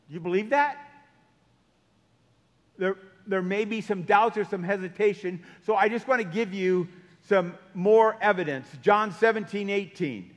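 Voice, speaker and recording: A man preaching a sermon, telling stories and changing his pace for emphasis. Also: high voice. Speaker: pastor. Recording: long hall reverb.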